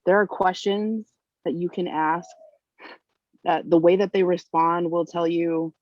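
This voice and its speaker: A woman's voice: fairly low pitch, fairly even intonation, a little slow, dry recording. Frank woman guest, muffled sound. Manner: rambling, frank, full of "like" and "you know". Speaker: podcast guest. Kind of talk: casual chat.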